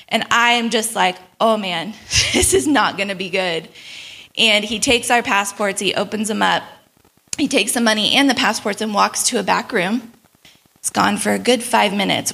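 A young woman telling a travel story in a sermon, animated and laughing often as she acts out the people in it. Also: medium pitch, vocal fry. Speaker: speaker at a church gathering.

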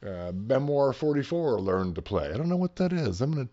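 A man's voice: mid-range voice, very animated, fairly quick, dark tone. A man co-hosting a podcast, casually reading out event listings with dry, joking asides. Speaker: podcast co-host. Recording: dull lo-fi sound.

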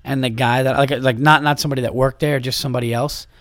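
This comedian hosting a podcast delivers an exasperated, profane rant at a quick pace, his medium-pitched voice a bit bright with fairly even intonation. The studio-quality audio has no echo.

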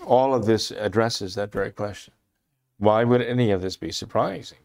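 Emphatic man clearing his throat. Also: on the low side, normal speed, darkish tone. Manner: impassioned, emphatic, repeats phrases for stress. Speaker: commentator. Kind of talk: religious commentary discussion.

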